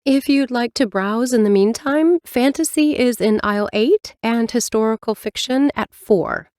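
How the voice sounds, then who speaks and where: A woman's voice: fairly high pitch, a little slow, a little mellow, no echo, clean studio sound, voice pushed up, close to an everyday voice. A woman reader voicing a chatty, friendly female librarian who talks eagerly about books. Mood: bubbly. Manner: bubbly, eager, talkative.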